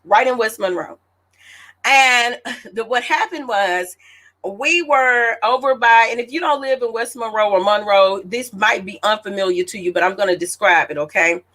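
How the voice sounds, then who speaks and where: This woman, an author in her late thirties, has a fairly high voice and talks at a normal speed. She's hosting her own celebration and tells a story in a casual, animated, chatty way, calling her listeners "y'all."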